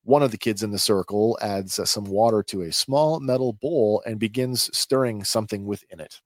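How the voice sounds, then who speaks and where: A man hosting a podcast, recapping a TV episode in a conversational, halting way. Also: lowish voice, darkish tone, no room sound, studio quality. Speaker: podcast host.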